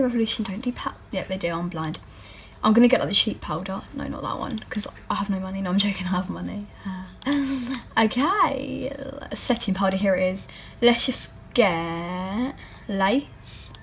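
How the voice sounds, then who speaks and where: A teenage beauty vlogger chats casually at home, rambling and making fun of herself. Her voice is mid-range, and there's a little hiss or hum in the background.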